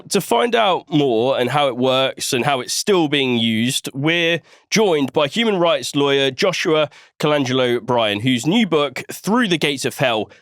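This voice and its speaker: A man's voice: medium pitch, a bit bright, no room sound, studio quality. A man hosting a politics podcast, bantering playfully with his co-host.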